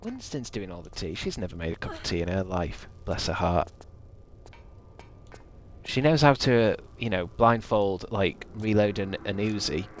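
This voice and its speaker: A man's voice: lowish voice, lively intonation, measured pace, slight background noise. A man streaming a video game, rambling and swearing with a sarcastic edge. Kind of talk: gaming livestream commentary.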